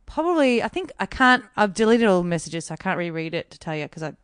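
A woman, co-hosting a podcast, telling a story in a lively way, acting out what others said and swearing freely. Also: medium pitch, quick pace, smooth, no room sound, studio quality. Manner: animated storytelling, acts out quotes, swears freely. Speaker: podcast co-host. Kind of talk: casual chat.

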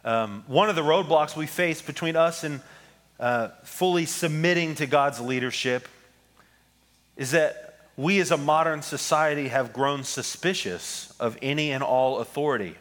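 A man's voice: fairly high pitch, fairly bright tone. Man preaching a conversational sermon. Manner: conversational preaching, reads scripture slowly with pauses. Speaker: pastor. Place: church sanctuary with congregation.

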